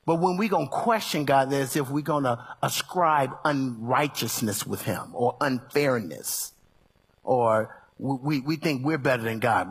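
A male preacher delivering a sermon, animated and folksy, swinging from low murmurs up to shouts. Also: measured pace, slightly rough. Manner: folksy and colloquial.

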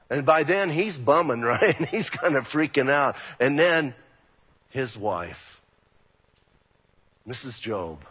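A man preaching a sermon as pastor, animated and acting out quoted exchanges. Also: medium pitch, slow, long pauses, slightly rough. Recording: long reverb of a hall.

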